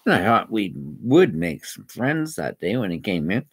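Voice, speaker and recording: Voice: low-pitched, very animated, normal speed, breathy edge. A speaker from Canada, ranting indignantly in a rambling personal vlog. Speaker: vlogger. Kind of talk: angry personal rant.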